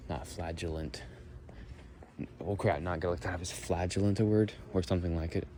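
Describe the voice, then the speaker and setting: A young man musing and thinking out loud as he walks outdoors through leaves. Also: deep voice, fairly even intonation, a little fast, a little hiss or hum. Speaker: vlogger. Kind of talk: rambling walk-and-talk monologue.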